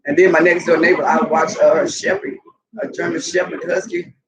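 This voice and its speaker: A woman telling animated, profane stories casually to her viewers, laughing often. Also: low-pitched, brisk, a crowd in the background, poor audio. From Southern US. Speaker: vlogger. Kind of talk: casual storytelling to camera.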